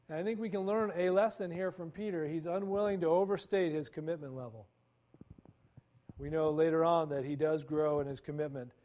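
A man's voice: high-pitched, darkish tone. A male pastor giving a conversational sermon, acting out quoted dialogue with stammering repetitions.

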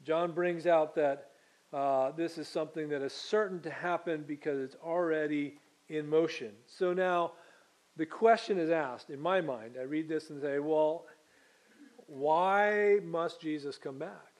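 A man pastor preaching a conversational sermon, pausing to quiz the congregation and correcting himself as he goes. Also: a little high, a little mellow. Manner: self-correcting, many fillers and restarts.

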